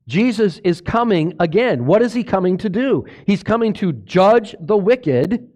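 Animated man preaching with wide pitch swings. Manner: animated, swings from low and hushed to loud exclamations; asks the congregation questions. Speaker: pastor. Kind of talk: sermon.

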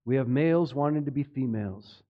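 A man's voice: mid-range voice, fairly quick, dull audio. A pastor preaching a sermon to his congregation, throwing out rhetorical questions, stumbling over names and correcting himself as he goes.

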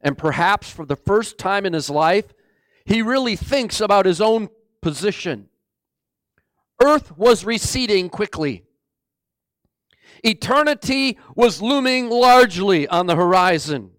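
A man preaching a sermon, swinging between booming exclamations and hushed, low passages. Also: animated, measured pace, pauses often, no room sound, clean studio sound. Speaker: pastor.

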